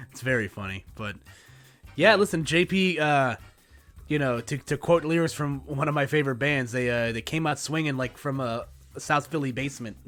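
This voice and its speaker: A man's voice: medium pitch, fairly bright tone. A man giving loose, rambling color commentary on a video game tournament, cracking jokes between analysis.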